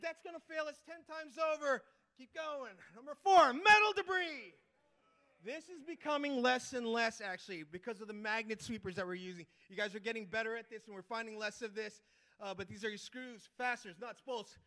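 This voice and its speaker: A man giving a lively conference talk as a restoration manager, rallying the audience with chants and quick asides. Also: very high voice. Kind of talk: energetic presentation with crowd call-and-response. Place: conference hall before a live audience.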